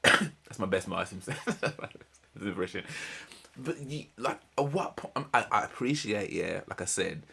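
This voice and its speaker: A man hosting a reaction channel, commenting emphatically in rapid-fire casual talk. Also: lowish voice, animated, creaky, bright, forceful tone, slightly rough.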